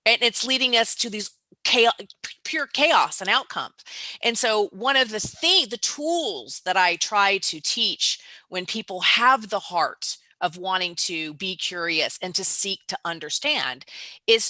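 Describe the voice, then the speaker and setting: Woman entrepreneur, interview guest; bright, slightly high, dry close sound; emphatic, acts out dialogue. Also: lively intonation, moderate pace, no echo. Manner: emphatic, tags points with "right?"; acts out both sides of dialogues. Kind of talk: motivational interview talk.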